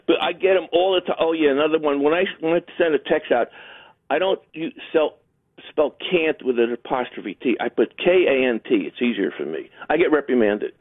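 A man's voice: on the high side, expressive, fairly quick, dry recording. A man calling in to a radio show, rambling and joking, mimicking other people's voices. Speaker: caller. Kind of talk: call-in radio chat. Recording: tinny phone line.

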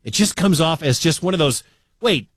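A man from the American Midwest hosting a sports talk radio show, talking in an animated, incredulous way with quick asides. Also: fairly high pitch, no room sound. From Midwestern United States.

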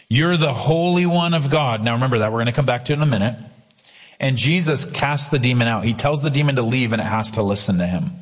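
A man preaching a sermon, earnest, slowing down hard to stress key lines. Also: mid-range voice, big-room sound. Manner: earnest preaching with slow emphatic quotes. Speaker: pastor.

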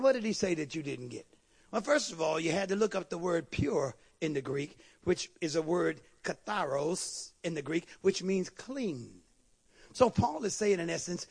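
A man preaching a fervent sermon in a church service, calling out to the congregation and breaking into quick asides. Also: high-pitched, creaky, husky.

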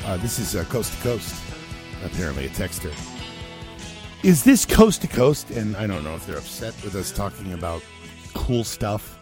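A man's voice: low-pitched, lively intonation, normal speed, over music. A man hosting a talk radio show, chatting loosely and rambling with self-deprecating asides. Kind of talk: casual radio banter.

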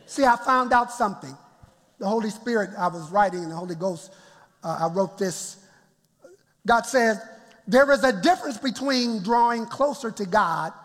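A man's voice: high-pitched, animated, moderate pace, fairly bright tone, long reverb tail. A man preaching a sermon as pastor in a church, laughing often and calling out to the congregation.

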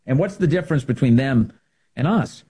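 A man's voice: mid-range voice, expressive, normal speed, warm tone, breathy edge. A man giving an opinionated political monologue, emphatic and repeating key phrases for effect. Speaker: political commentator.

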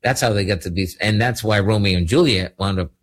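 A man's voice: fairly low pitch, brisk. A middle-aged man hosting a radio show as a lawyer, talking in a rambling, jokey way with lots of fillers. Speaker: radio show host and attorney. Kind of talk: casual radio talk.

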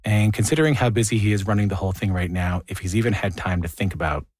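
A man's voice: low-pitched, quick pace, darkish tone, breathy edge, no room sound, studio quality. A man hosting a radio interview show, talking in a casual, chatty way. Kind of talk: hosted radio interview with intro monologue. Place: radio studio.

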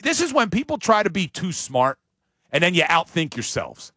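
A man hosting a sports talk show, talking casually and emphatically with big jumps in pitch. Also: wildly swooping pitch, normal speed, sharp tone, no echo, clean studio sound.

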